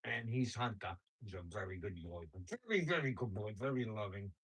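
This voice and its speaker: A livestream host chats casually with viewers, telling rambling stories in slangy speech and laughing often. His low-ish voice is expressive, a little fast, a bit bright, and slightly rough, in a rough recording.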